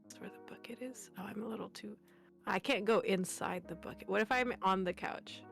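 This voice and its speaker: Giggly woman with a gravelly edge. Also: medium pitch, fairly quick, fairly bright tone, faint music behind. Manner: playful and giggly, with frequent laughs and goofy noises. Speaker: guest streamer. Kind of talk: casual stream chat.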